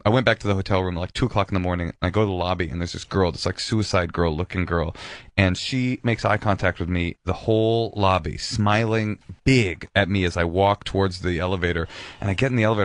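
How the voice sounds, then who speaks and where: A man's voice: deep voice, fast talker, no echo, clean studio sound. A man, a comedian guest, telling a rambling, self-mocking story on a talk show. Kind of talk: casual storytelling.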